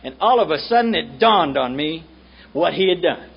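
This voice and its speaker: A man's voice: a little high, expressive, moderate pace, creaky, slightly rough. A man with a Southern American accent, speaking bluntly and with profanity at a recovery meeting. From United States. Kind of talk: storytelling talk at a meeting. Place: meeting room. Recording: muffled old tape with faint hiss.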